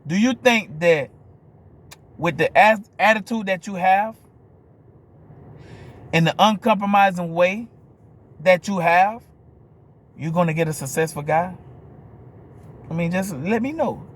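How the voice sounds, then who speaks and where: Vlogger, male, New Orleans accent, slightly higher voice, blunt and profane camera rant. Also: unhurried, long pauses. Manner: blunt, profane, keeps asking "you hear me?". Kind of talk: ranting monologue to camera.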